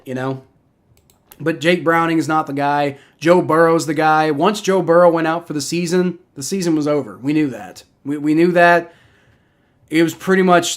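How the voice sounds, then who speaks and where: A young man hosting a live football reaction stream, talking in a heated, profane rant and often repeating himself and restarting. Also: a little high. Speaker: livestream host reacting to football.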